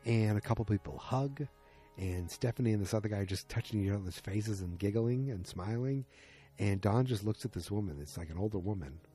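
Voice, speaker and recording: A man's voice: on the low side, brisk, dark tone, breathy edge, faint music behind. A man casually recapping a TV episode, rambling loosely with lots of fillers and quoted lines.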